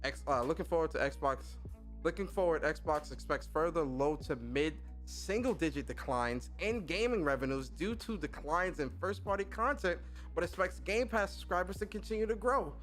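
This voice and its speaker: A man hosting a gaming podcast who reads out industry news and reacts to it in casual, animated, profane commentary, laughing often. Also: fairly high pitch, moderate pace, faint music behind.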